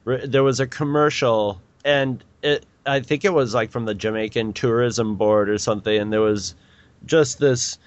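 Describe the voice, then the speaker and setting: A man in his forties co-hosts a podcast, chatting casually and rambling with many restarts and laughs. His voice is medium-pitched with fairly even intonation, at a normal speed, and there's no room sound.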